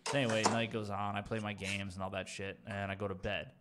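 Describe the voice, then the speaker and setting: A young man with a fairly low voice tells a rambling story in loose, casual chat. He swears often, restarts his sentences and laughs at his own misadventure. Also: level tone, quick pace, very noisy. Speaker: streamer telling a story.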